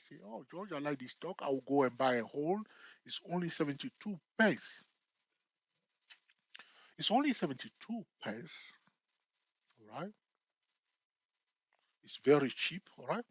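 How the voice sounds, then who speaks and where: With a breathy edge to his medium-pitched voice, a man leads a screen-share trading lesson, repeating points, asking "okay?" and "all right?", and poking fun at himself now and then. There's no echo.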